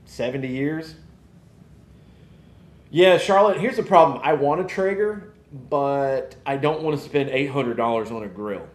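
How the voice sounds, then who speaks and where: A man, hosting a casual live podcast and rambling in an animated way. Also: medium pitch, unhurried, roomy sound. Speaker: podcast host. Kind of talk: casual live-stream chat.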